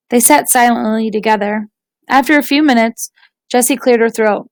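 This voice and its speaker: A woman reading a story aloud as an audiobook narrator, with clear, steady storytelling. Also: fairly high pitch, normal speed, no room sound. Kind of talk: scripted narration.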